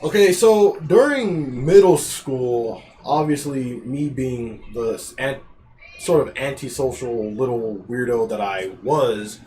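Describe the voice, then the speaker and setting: A man's voice: mid-range voice, takes it slowly, dark tone, a little hiss or hum. A young man hosting a podcast, rambling through a school story in a loose, swear-heavy casual chat. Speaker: podcast host.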